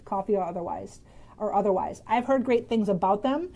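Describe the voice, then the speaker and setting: A woman's voice: medium pitch, animated, moderate pace, warm tone. A woman from Michigan hosting a casual live stream, bubbly and chatty, reading out viewer comments and answering health questions with frequent laughs.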